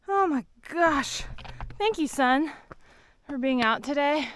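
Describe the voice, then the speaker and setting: A woman's voice: high voice, takes it slowly. A woman filming a casual trail vlog outdoors on a rocky mountain trail with a handheld camera. She is chatty and exclaims often, then drops to nervous whispers. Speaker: thru-hiker vlogger. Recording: loud wind noise outdoors. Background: loud wind.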